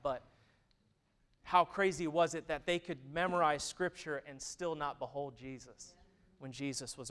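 A man in his thirties preaching a sermon, who moves from loud, emphatic stretches to hushed, intimate ones. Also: fairly high pitch, clear, resonant tone. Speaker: pastor.

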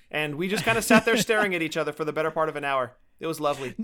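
Casting: male podcast co-host, bright and forceful tone, fairly high voice, eager. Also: animated, very fast, few pauses. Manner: enthusiastic collector talk. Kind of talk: casual chat.

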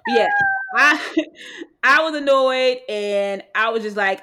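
Woman, fairly high voice, rambling, emphatic, casual co-host. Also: big pitch swings, normal speed, sharp tone. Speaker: podcast co-host. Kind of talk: casual chat.

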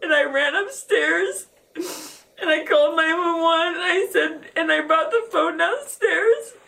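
Middle-aged woman with a high voice, halting emotional telling, mic sits a bit far off. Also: gravelly, bright, forceful tone. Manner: halting, with many restarts. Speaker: interview guest. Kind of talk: emotional personal account. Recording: voice set back from the mic.

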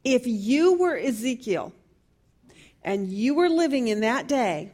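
Lady teaching bible study, higher voice, keeps asking the class questions. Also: very animated, takes it slowly, a little mellow. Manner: earnest, asks the group many questions. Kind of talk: leading a group Bible study.

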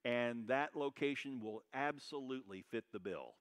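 A pastor preaching a sermon, loud and brash, swinging between shouted high points and quiet asides. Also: male voice, moderate pace.

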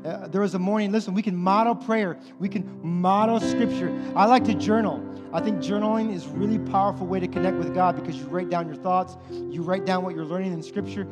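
Over loud music and a long hall reverb, a male pastor in his thirties gives a casual sermon to parents in a high, steady, brisk voice. He frequently repeats his phrases.

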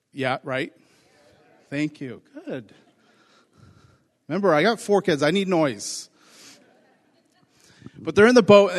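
A middle-aged man as pastor, preaching a conversational sermon and acting out quotes in lively voices. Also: a little high, big-room sound.

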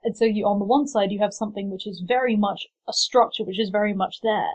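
A woman's voice: medium pitch, steady tone, fast, darkish tone. A woman hosting a casual book podcast, talking in a chatty, enthusiastic way. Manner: chatty, enthusiastic, lots of restarts. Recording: slightly dull lo-fi recording.

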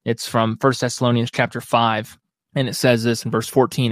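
A man speaks as a guest on a podcast about biblical counseling. He comes across as earnest and reflective, talking in a warm conversational way. His voice sits in an ordinary middle range, and the recording is dry and close. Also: mid-range voice, level tone, moderate pace, no room sound. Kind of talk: podcast interview.

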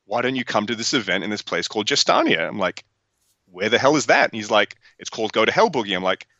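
A man's voice: on the low side, quick pace, no echo, muffled recording. A young Australian man telling rambling, sweary stories in a casual podcast interview. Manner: rambling, sweary, animated storytelling. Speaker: guest.

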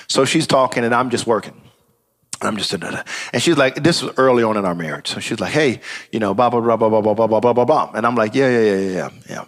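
A man, a pastor, telling a personal story in a relaxed sermon, with casual asides and frequent "praise God.". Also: fairly low pitch. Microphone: live stream.

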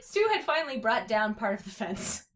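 A woman's voice: fairly high pitch, very animated, normal speed, fairly bright tone. A young woman podcast host who reads fan fiction aloud and breaks off with sarcastic, laughing asides. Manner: sarcastic, laughing, casual swearing.

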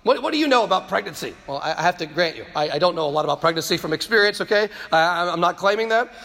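Male speaker, high voice, fervent preaching delivery, stammering repeats for emphasis, long hall echo; addressing students. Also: animated, racing, gravelly, sharp tone. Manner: impassioned, repeats words when stressing a point. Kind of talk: preaching-style talk to a live audience.

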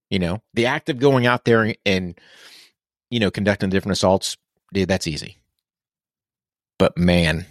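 A man's voice: sits low, normal speed, long pauses, dry recording, studio quality. A military veteran man speaking candidly as a podcast guest, blunt and earnest. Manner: blunt, earnest, swears casually.

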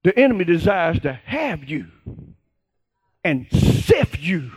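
A male pastor preaching a sermon, calling and responding with the congregation and rising to shouts. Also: on the high side, sing-song, slow, husky.

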